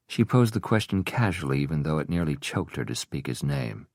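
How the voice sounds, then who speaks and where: A man narrating an audiobook in a steady, even storytelling manner. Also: extremely low pitch, brisk, no echo, studio quality.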